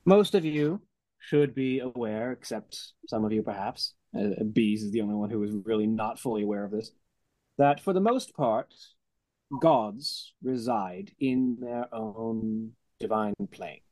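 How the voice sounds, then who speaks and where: A man's voice: fairly low pitch, sing-song, creaky, a little mellow, no echo. Man narrating as game master. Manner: descriptive, unhurried with many fillers.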